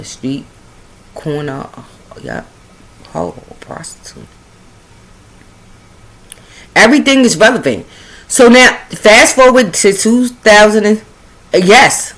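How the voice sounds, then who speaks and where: A woman telling a casual, profane story in a loud-and-hushed, animated way as a spiritual storyteller. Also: mid-range voice.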